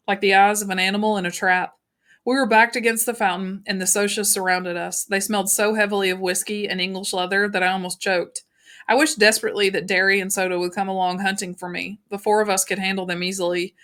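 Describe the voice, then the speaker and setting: A woman reading a novel aloud in an even, unhurried narration with small slips. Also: mid-range voice. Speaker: audiobook narrator.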